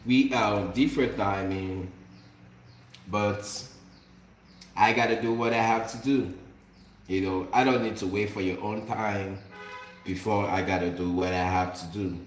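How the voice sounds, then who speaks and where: Motivational Nigerian man, low echoey voice. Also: fairly even intonation, unhurried, pauses often, slight background noise. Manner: preachy, repeats phrases, slips into Nigerian Pidgin. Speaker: vlogger. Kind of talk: motivational cooking-chat monologue. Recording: echoey room with faint ambience.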